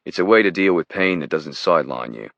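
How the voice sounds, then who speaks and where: Male narrator as a wry, blunt British spy, very deep and matter-of-fact, in a dull, dry recording. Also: lively intonation, brisk, gravelly, a bit bright, no echo, heavily acted.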